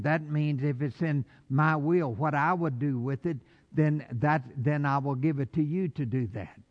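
High-voiced, slow-preaching male pastor. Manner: dramatic, talks directly to the congregation. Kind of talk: sermon. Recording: echoey hall, dull lo-fi sound.

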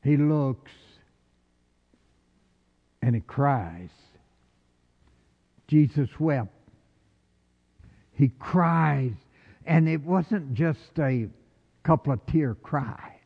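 A male preacher delivers a slow, deliberate sermon, his voice sitting a little high for a man. His words swing between ringing calls and hushed, low lines. The sound is dull and lo-fi, with a long reverb trailing off the walls of a big hall. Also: expressive, gravelly.

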